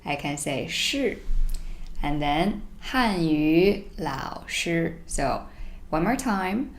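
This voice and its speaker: Slow, low-voiced Mandarin teacher woman. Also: animated. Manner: reads each sentence slowly twice, then explains in English. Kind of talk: language lesson.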